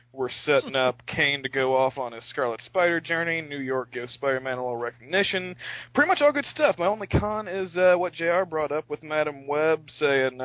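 A man's voice: on the high side, no echo. A man giving an opinionated, enthusiastic comic book review in casual chat. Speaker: podcast reviewer. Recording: dull lo-fi sound.

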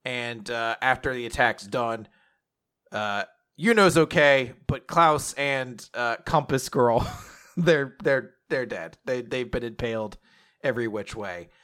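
A man with a middle pitch and a bright, forward voice hosts a casual podcast. He runs through comic chapters in a loose, filler-heavy way, now and then cursing when he loses a name. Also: takes it slowly, smooth. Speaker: podcast host. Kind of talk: casual chat recapping comics.

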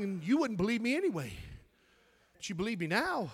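A man preaches with an emphatic, high voice, stumbling and restarting as he finds his verses. The church around him leaves a long reverb on every word. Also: big pitch swings, husky. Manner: emphatic, reads scripture aloud with halting restarts. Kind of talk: sermon.

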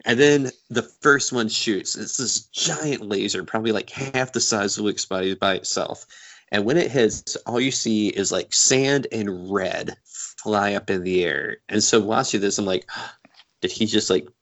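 Lower-voiced male co-host, eager fan recapping a favorite scene in casual chat. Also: unhurried. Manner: enthusiastic, animated storytelling. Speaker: podcast co-host.

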